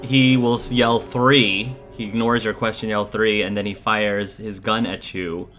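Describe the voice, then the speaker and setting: Slow, low-voiced man running a game. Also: level tone, a bit bright, faint music behind. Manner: slow, hesitant narration with many fillers. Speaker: game master. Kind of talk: narrating a tabletop game.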